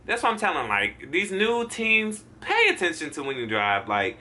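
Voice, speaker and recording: A man's voice: sits high, huge pitch swings, moderate pace, pushed and bright, a little hiss or hum. A man in his twenties vlogging a storytime, acting out his own reactions and swearing freely. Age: 20s. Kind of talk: storytime vlog.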